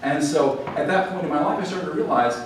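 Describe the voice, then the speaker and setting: The recording, made with a distant mic in an echoey library event hall with faint noise, captures a man lecturing to a live audience. His fairly high voice is animated and brisk as he tells stories chattily, with fillers and restarts.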